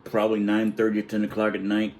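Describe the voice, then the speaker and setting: Low-voiced rambling Gen X storyteller. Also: male voice, completely flat delivery, fast talker, darkish tone, low-quality recording. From Illinois, United States. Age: middle-aged. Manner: crude, rambling, laughing as he talks. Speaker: storyteller, vlogger. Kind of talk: casual storytelling.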